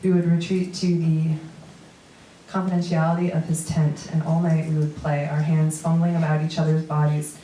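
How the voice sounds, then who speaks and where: Woman, New York accent, low voice, reads her own prose on stage with wry asides; roomy live recording from a distance. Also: little pitch movement, normal speed, dark tone, a little hiss or hum. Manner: reads steadily, with dry asides to the audience. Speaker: comedian reading a memoir piece. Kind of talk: live reading of personal prose. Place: small theater stage before an audience.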